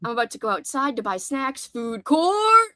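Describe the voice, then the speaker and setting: Woman streamer, host role, fairly high voice, dry close sound, rambling chatty delivery. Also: big pitch swings, moderate pace, bright, forceful tone, no room sound. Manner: chatty, rambling, reads comments aloud. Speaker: livestream host. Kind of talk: casual chat.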